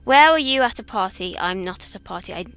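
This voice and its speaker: A woman's voice: medium pitch, expressive, brisk, fairly bright tone, clear, resonant tone, dry recording, soft background music. A young English woman from England chatting casually as she takes online quizzes, rambling and poking fun at herself. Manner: chatty, rambling, self-mocking. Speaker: YouTuber. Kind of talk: casual quiz commentary.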